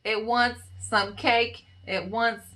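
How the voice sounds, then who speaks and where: Tired, playful woman vlogger with a bright voice. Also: a little high, steady tone, slow pace. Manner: playful, teasing, talks straight to the cats in the pictures. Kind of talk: casual vlog commentary over pictures.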